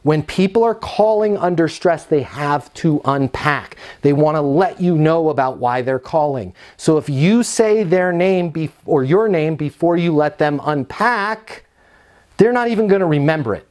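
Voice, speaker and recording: A middle-aged man giving an energetic, emphatic sales training talk, sometimes acting out both sides of phone calls. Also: a little high, measured pace. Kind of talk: instructional talk with role-played phone calls.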